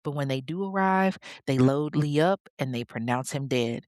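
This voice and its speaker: A podcast host telling a true-crime story in a chatty, conversational way, full of asides to the listener. The voice sits in a middle pitch. It is recorded close and dry, with no room echo. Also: expressive, moderate pace, darkish tone.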